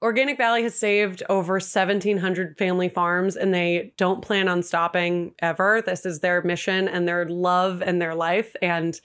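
A woman's voice: flat delivery, normal speed, few pauses, a bit bright. A young woman hosts her podcast in an easy, chatty monologue. She gushes and giggles as she talks, and her voice leaps upward whenever something moves her. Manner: gushing, giggly and emotional, swoops up in pitch. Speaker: podcast host. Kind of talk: casual sponsored podcast monologue.

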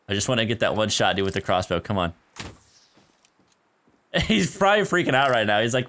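A male streamer talks through a shooter game in a bouncy, swooping voice of middling pitch. He is chatty and easily excited, laughing often and tossing out "dude" and "guys" as he plays at his home setup on a desk microphone. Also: quick pace, long pauses. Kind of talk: casual live gameplay commentary. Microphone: desk microphone near a keyboard.

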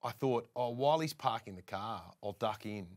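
With a mid-range voice and moderate pace, the Australian guest presenter shares casual anecdotes. He's a lively teller who voices other people's lines mid-story.

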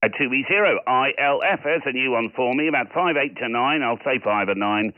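A man's voice: medium pitch, a little hiss or hum. Chatty man on a tinny radio line. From Scotland. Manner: friendly, quick call handling. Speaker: ham radio operator. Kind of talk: casual radio chat.

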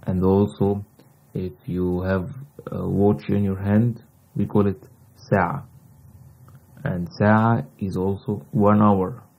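A man with an Egyptian Arabic accent, a native Arabic speaker teaching vocabulary in simple English, repeating each word slowly. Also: low-pitched, little pitch movement, gravelly, lo-fi sound. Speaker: language teacher. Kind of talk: casual vocabulary lesson.

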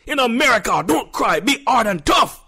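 An actor playing an excitable male radio caller with a put-on Jamaican accent, husky and ranting, stammering and breaking into shouts. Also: fairly high pitch, fairly quick.

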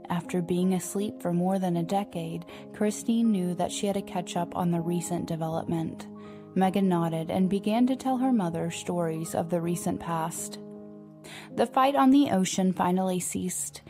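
A woman narrating a romance audiobook in a steady, even storytelling manner. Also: fairly low pitch, normal speed, over music. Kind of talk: scripted narration.

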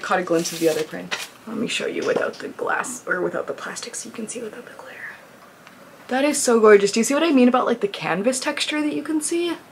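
A woman's voice: mid-range voice, slight background noise. A young woman chatting casually to camera as she opens viewer mail, gushing and exclaiming as she restarts her sentences. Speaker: craft YouTuber opening viewer mail. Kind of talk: casual unboxing chat to camera.

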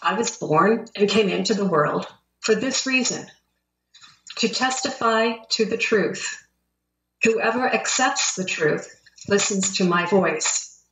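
A woman reading a calm prophet-king on trial. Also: medium pitch, takes it slowly. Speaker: scripture reader. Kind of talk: dramatic scripture reading. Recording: roomy church from a distance.

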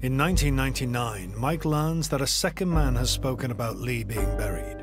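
A man narrating a true-crime documentary in a measured, even voice. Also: mid-range voice, music in the background. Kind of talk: scripted narration.

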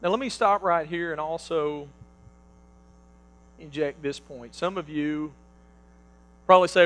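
A man preaching a sermon, telling a personal story with animated swings between loud bursts and hushed quotes. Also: on the high side, measured pace, long pauses, rough recording.

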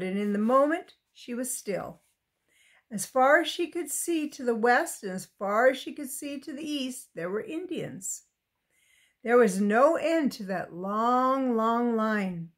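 Slow woman reading a children's book aloud. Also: on the high side. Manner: gentle, explaining asides to children. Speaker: reader.

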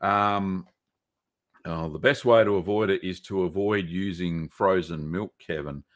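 Easygoing Australian man, lowish voice. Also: unhurried. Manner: rambling, easygoing, many ums and uhs. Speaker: host answering viewer questions. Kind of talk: casual live-stream chat.

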